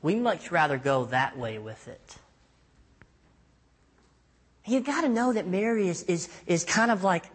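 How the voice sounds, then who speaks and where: A young man preaching a sermon as pastor, telling stories with lively acted-out voices and self-mocking jokes. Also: high voice, normal speed, hardly any pauses, slightly rough. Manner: animated storytelling, acts out voices in quotes, self-mocking jokes.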